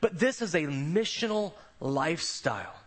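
A man's voice: a little high, animated, moderate pace, fairly bright tone. A man preaching a sermon, telling stories in a conversational way and often repeating words as he goes. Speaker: pastor.

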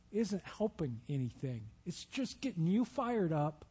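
A man's voice: high-pitched, very animated, a little slow, hardly any pauses, warm tone, slightly rough. A man preaching a sermon, telling stories and acting out Bible scenes in voices. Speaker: pastor.

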